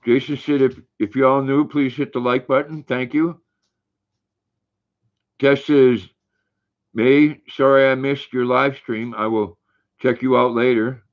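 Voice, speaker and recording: An older man hosting a casual livestream, reading viewers' comments aloud in a relaxed, folksy way. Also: medium pitch, unhurried, long pauses. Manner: relaxed, folksy, reads viewer names and messages. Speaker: livestream host. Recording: dull lo-fi stream audio.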